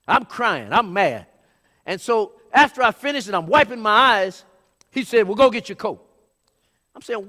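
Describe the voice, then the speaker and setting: Male preacher, high-pitched storyteller who rises to shouts; long hall reverb. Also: very animated, brisk. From California, USA. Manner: storytelling, builds to shouted climaxes. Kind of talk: sermon.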